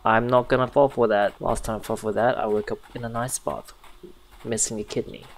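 A man's voice: medium pitch, level tone, brisk, a little hiss or hum, low-quality recording. A man giving sarcastic, jokey commentary while playing a horror game. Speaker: gaming youtuber.

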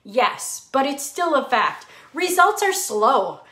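A woman's voice: high-pitched, sing-song, slow, pushed and bright. A woman hosting a casual live fitness chat, greeting viewers by name and laughing often. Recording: echoey room.

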